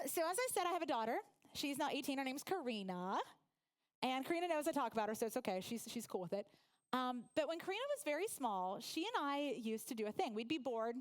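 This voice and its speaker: A woman in her forties from Oklahoma gives a humorous motivational talk in a high, bright voice. Her pitch leaps all over as she tells stories and laughs along with the crowd. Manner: lively storytelling, laughs with the audience. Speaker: guest speaker.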